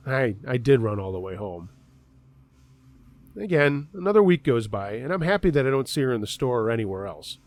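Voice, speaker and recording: A man's voice: mid-range voice, big pitch swings, brisk, darkish tone. A man narrating a true scary story in a conversational first-person way.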